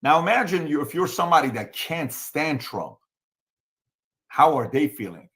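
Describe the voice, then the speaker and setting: A man's voice: a little high, big pitch swings, moderate pace, fairly bright tone. A man from the Middle East with a Middle Eastern accent, hosting a casual political talk show and repeating his points emphatically. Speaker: show host.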